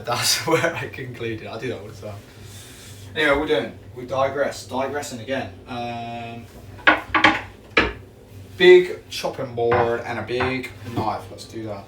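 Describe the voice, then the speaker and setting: A man's voice: medium pitch, fairly bright tone. A young man chatting casually on a livestream while he bakes, rambling and slangy, poking fun at himself. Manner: rambling, slangy, self-mocking. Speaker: streamer baking on camera. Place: home kitchen. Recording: roomy, distant, clattering kitchen noise.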